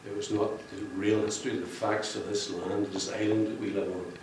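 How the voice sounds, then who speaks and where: A man who created a book's cover speaks at its launch, giving a rambling, joking public speech to a function room full of people and laughing at his own jokes. His lowish voice moves little in pitch and runs a little fast, captured from a distance in a heavily reverberant room over a faint hum of ambience.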